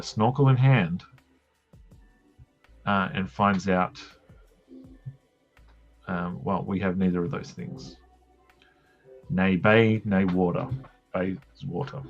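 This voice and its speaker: A man's voice: fairly low pitch, lo-fi sound. A man with an Australian accent, telling a rambling, jokey story with crude asides while drawing on a stream. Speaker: comic artist streaming.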